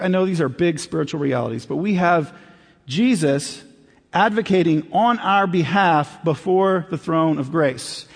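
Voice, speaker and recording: A man preaching a sermon as pastor, in a conversational way that drops low and quiet for emphasis. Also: in a large hall.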